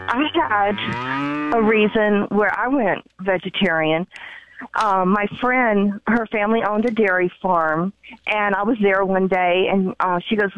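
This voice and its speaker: A woman calling in to a show and telling a story in a chatty, animated way with many fillers, heard over the phone. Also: medium pitch. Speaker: caller. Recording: muffled phone line.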